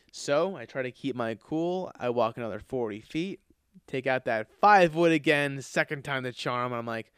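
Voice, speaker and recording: A man's voice: medium pitch, normal speed, clear, resonant tone, dry recording, clean studio sound. A man telling a story in a casual monologue, ranting with a lot of swearing. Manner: profane, animated ranting with frequent swearing. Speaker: podcast host.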